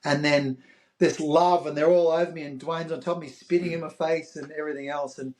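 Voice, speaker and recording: Animated Australian man telling a story. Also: on the high side, a little fast. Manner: animated, acts out quoted voices. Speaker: guest. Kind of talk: interview storytelling.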